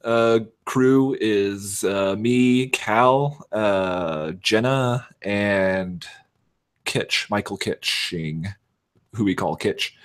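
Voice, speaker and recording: Low-voiced man rambling in casual chat. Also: drawn-out words, smooth. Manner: rambling, self-deprecating, many fillers. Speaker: podcast guest.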